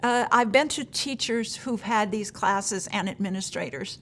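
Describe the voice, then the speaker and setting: A woman's voice: medium pitch, a little slow. Woman coaching teachers, chatty and folksy. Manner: conversational, acts out teachers' questions in a raised voice; frequent fillers, gentle advice. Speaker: teacher trainer. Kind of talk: recorded teacher-training session.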